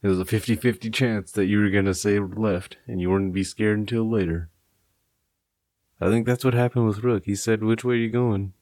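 A laid-back young man hosting a podcast, talking casually with plenty of swearing and laughter. His voice sits low, and the sound is close and dry. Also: fairly even intonation, moderate pace, a little mellow, no echo. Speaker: podcast host.

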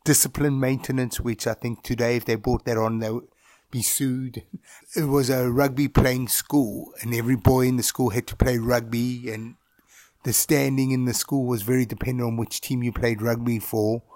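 A middle-aged man from Zimbabwe, a guest in an interview, telling stories about his life in a relaxed, anecdotal way and chuckling as he recounts them. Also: mid-range voice, normal speed, no room sound, clean studio sound. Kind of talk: reflective storytelling in an interview.

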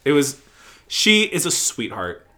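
A man with a fairly high, bright and forceful voice chats in an interview. He tells theater stories in a gushing, animated way and slips into little voices for the people he quotes. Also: a little slow. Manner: animated, gushing storyteller who acts out quotes. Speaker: interview guest, theater company manager. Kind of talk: casual interview chat.

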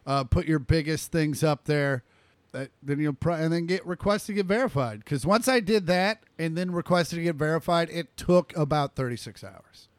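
A man's voice: fairly high pitch, moderate pace, clear, resonant tone, dry recording. A man co-hosting a comedy podcast, chatting casually, loose and profane, laughing often. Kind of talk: casual chat.

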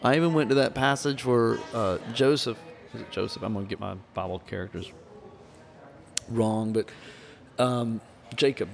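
Gravelly man telling a story earnestly. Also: mid-range voice, normal speed. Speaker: podcast host, former minister. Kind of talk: candid conversation about grief.

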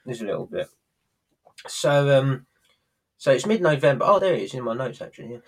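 Male podcast co-host, husky, easygoing and rambling. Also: medium pitch, lively intonation, a little fast. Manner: rambling, hesitant, laughs at himself. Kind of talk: casual chat.

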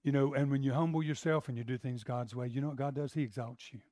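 A male preacher giving a sermon, retelling a story with animated energy that swings between quiet and loud. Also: medium pitch, fast, no room sound, studio quality.

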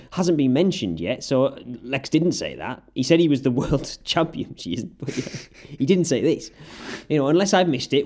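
A man's voice: medium pitch, a little mellow. A man recapping wrestling in casual podcast chat, sarcastic and often laughing. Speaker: podcast co-host.

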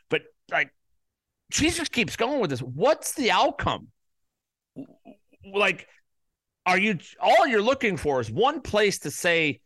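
A man hosting a podcast, ranting in a profane, heated monologue that jumps to loud peaks. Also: high voice, no echo, clean studio sound. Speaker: podcast host.

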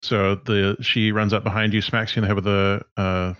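A man acting as game master, explaining rules and narrating the scene with relaxed, halting pauses. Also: fairly low pitch, no room sound, muffled recording.

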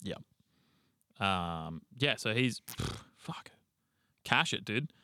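A man's voice: fairly low pitch, animated, slow, pushed and bright, no room sound. A young man, co-hosting a casual sports podcast and rambling through team news with casual swearing. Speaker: podcast co-host.

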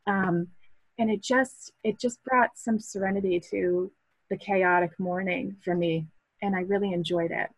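A woman's voice: medium pitch, fairly even intonation, measured pace, breathy edge, dry recording, poor audio. Podcast guest: thirties woman, from Massachusetts, earnest and reflective, dry close mic. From Massachusetts, USA. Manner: earnest, reflective, with restarts and soft laughs. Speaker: podcast guest, hobby photographer. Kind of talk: casual interview chat.

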